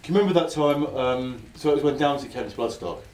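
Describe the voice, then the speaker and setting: A man's voice: medium pitch, fast, a little mellow. A man in his thirties, co-hosting with crude, laid-back banter and laughing asides. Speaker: co-host. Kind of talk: casual banter. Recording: echoey room, far from the mic.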